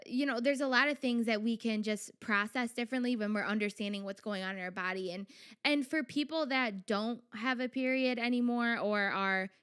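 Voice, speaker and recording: A young adult woman hosting her own podcast, talking in a chatty, animated way with lots of fillers and quoted inner voices. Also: on the high side, clean tone. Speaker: podcast host. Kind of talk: casual solo podcast talk.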